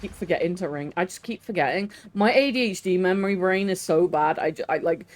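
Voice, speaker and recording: A woman's voice: fairly low pitch, fast. A woman streaming a game, chatting crudely and laughing often. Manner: crude, giggly banter with frequent laughs. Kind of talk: casual chat while gaming.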